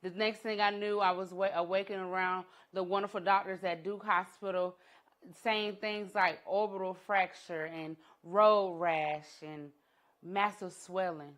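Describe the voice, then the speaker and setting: A middle-aged woman shares her personal journey in a conference talk. She tells it dramatically, with her voice falling soft and low at the heaviest moments. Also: steady tone, measured pace. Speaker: entrepreneur and educator giving a talk. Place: conference room.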